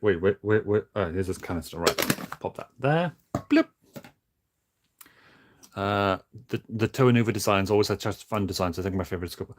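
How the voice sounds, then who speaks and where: A man streaming casually while building toys, talking in a flat, monotone way with many halting restarts. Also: on the low side. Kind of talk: casual livestream chat.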